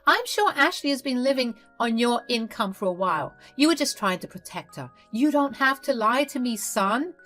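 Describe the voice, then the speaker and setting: A woman's voice: fairly high pitch, lively intonation, normal speed, hardly any pauses, a bit bright, faint music behind, voice pushed up. A woman voicing a scheming, condescending older mother-in-law. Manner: haughty, condescending.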